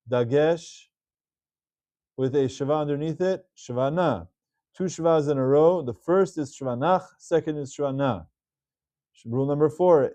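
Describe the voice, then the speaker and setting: A man teaching Hebrew reading rules in a patient video lesson, repeating key words slowly. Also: on the high side, dark tone, no echo.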